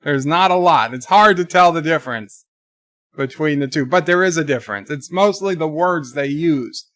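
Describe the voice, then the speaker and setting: A man's voice: on the high side, moderate pace, a bit bright, dry recording, studio quality. A man hosting a livestream in casual chat, reading out donations and viewer comments with wry, rambling remarks. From United States.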